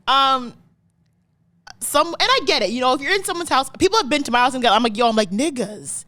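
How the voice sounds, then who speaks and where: A woman with a high voice that swoops up and down as she talks, chatting on a podcast. She tells her stories casually and acts out the voices of the people in them. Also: fast. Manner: animated storyteller, acts out quotes. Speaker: podcast co-host. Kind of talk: casual chat.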